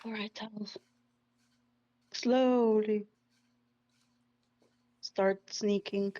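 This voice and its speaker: A woman's voice: medium pitch, fairly even intonation, very slow, dark tone. A woman playing a tabletop game, talking casually and tentatively with "like" fillers. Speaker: player. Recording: dull lo-fi mic.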